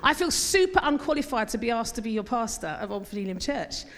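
A woman's voice: fairly high pitch, very animated, fairly quick. Emphatic woman preaching in a hall. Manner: emphatic, calls congregation to repeat phrases. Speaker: pastor. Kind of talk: sermon. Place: church hall. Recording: long hall reverb.

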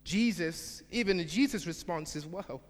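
A man preaching a sermon in a church, emphatic, swinging from shouted repetition to quiet asides. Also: sits high, expressive, measured pace. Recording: long hall reverb.

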